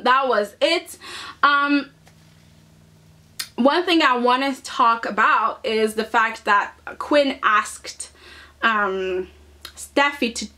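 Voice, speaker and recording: A woman's voice: on the high side, takes it slowly, pauses often, pushed and bright, slight background noise. A woman casually recapping a soap opera episode, sassy and chatty, often tagging her points with "okay?".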